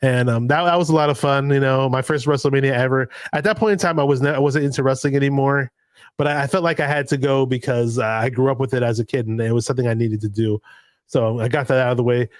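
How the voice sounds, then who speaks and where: A man's voice: mid-range voice, steady tone, fast, dry recording. A man hosting a casual late-night livestream, rambling and jumping from story to story. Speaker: livestream host. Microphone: home streaming mic.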